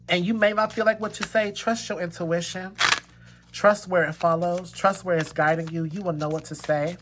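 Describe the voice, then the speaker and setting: A man's voice: high-pitched, fairly even intonation, moderate pace, noisy background. A man giving a pick-a-card tarot reading to his viewers, talking emphatically and repeating his points to reassure them, with bursts of laughter. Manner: emphatic and repetitive, reassuring the listener; slips into laughter and exclamations. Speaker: tarot reader.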